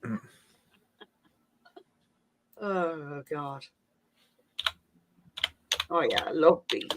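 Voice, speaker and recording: A woman's voice: low-pitched, extremely slow. A woman hosting a casual livestream, rambling and teasing as she chats. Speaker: livestream host. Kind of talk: casual chat.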